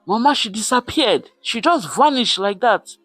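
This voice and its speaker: A man voicing a frightened young girl who cries out and pleads in a high, shrill voice. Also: expressive, normal speed, no room sound, faint music behind, full character voice. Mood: distressed. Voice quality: high and shrill when shouting. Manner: frantic, pleading.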